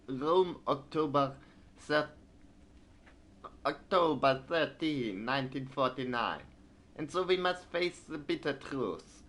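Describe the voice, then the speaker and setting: A man's voice: fairly high pitch, animated, takes it slowly, fairly bright tone, voice pushed up. A man voicing an indignant Italian male newspaper editorialist in a mock Italian accent.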